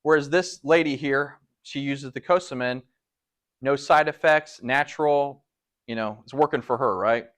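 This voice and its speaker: A man giving a lecture to a live audience in a meeting room, animated and full of rhetorical questions. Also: medium pitch, moderate pace. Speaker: speaker at a public talk.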